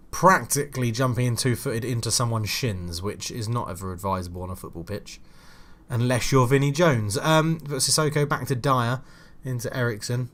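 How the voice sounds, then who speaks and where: A man giving casual, exasperated commentary over a football management game, muttering then shouting as chances come and go. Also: medium pitch, moderate pace. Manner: swearing, exasperated, swings from mutters to excited shouts. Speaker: gaming channel host.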